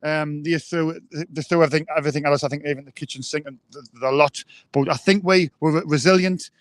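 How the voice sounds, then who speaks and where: A man's voice: a little high, steady tone, fast, no echo, clean studio sound. A man co-hosting a live football fan show, hesitant, with many ums and restarts. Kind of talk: live fan podcast chat.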